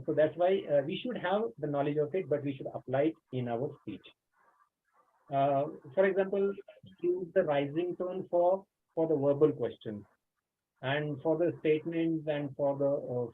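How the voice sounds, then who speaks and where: Brief: male trainer, slightly high voice, husky edge, webinar lecture over a phone-like line. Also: normal speed. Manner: explanatory, frequent "uh" fillers. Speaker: teacher trainer. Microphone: video call. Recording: tinny phone-like online call audio.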